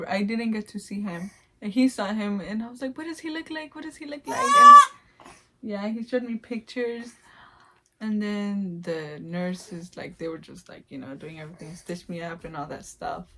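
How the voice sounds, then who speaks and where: A woman's voice: medium pitch, unhurried, darkish tone, slight background noise. A young woman telling her birth story to camera in a rambling, casual way, with many fillers. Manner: rambling, full of "like" fillers, acts out her own sounds.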